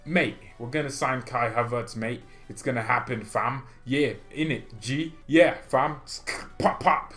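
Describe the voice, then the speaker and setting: A man's voice: mid-range voice, measured pace, a bit bright, faint music behind, lightly acted. A man putting on the voice of a cocky male football fan who talks in exaggerated street slang.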